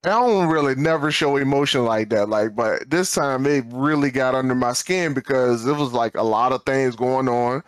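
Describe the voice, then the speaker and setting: A man's voice: mid-range voice, moderate pace, few pauses, clear, resonant tone, dry recording. A man co-hosting a podcast in casual storytelling chat, acting out quoted dialogue and repeating words when he gets fired up. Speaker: podcast co-host.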